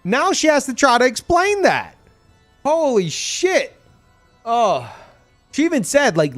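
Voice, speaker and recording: A man streaming a game, ranting in casual commentary, excitable and swearing, laughing as he talks. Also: very high voice, unhurried, long pauses, soft background music.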